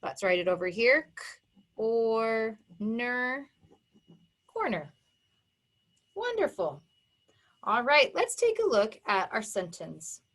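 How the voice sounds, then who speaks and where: A woman teaching a phonics lesson to young children, sounding words out slowly and emphatically and praising their work. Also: medium pitch, wildly swooping pitch, fairly bright tone, husky. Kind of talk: slow, exaggerated phonics dictation for young children.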